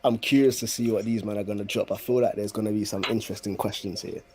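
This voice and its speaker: A man, a podcast regular, bantering loudly in casual slang-filled chat. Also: lowish voice, steady tone, fast. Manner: loud, joking, slangy banter.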